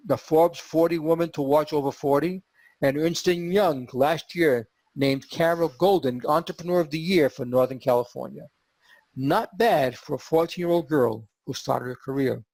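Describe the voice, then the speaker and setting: Gravelly-voiced man telling a story. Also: a little high, no echo. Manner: animated storyteller, acts out quotes. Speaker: podcast host. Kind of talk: storytelling podcast monologue.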